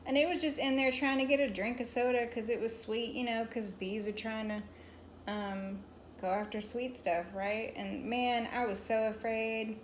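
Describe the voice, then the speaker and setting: A woman's voice: a little high, fairly even intonation, moderate pace, slight background noise. A woman in her forties telling a rambling story to her viewers while she crochets at home, stopping now and then to scold a pet. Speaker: crochet vlogger. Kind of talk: casual storytelling chat.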